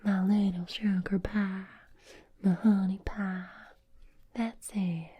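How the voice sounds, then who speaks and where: A woman's voice: mid-range voice, level tone, slow, slightly rough, lo-fi sound. Woman doing a doting Alabama belle, sing-song, pet names, whispered role-play. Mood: doting, soothing.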